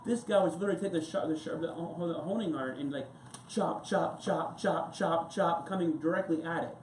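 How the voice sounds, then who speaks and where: A fairly quick American male pastor with a somewhat high voice preaches in a church sanctuary. His delivery is relaxed and digressive, pausing for stories and asides, and the echoey room carries faint ambient sound.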